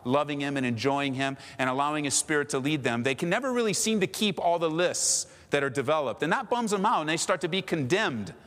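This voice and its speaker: A man's voice: fairly high pitch, animated, fairly quick, hardly any pauses, a bit bright, long reverb tail. A man preaching a sermon in a conversational way, acting out little scenes as he goes. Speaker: pastor.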